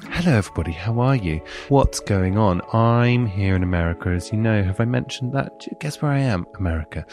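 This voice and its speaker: A deep-voiced British man hosts a podcast in a loose, chatty way that keeps bouncing up and down in tone. He is recorded on a close mic in a dead, dry room. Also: no room sound. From United Kingdom. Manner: chatty and playful, with lively swings in pitch. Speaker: podcast host. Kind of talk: casual chat.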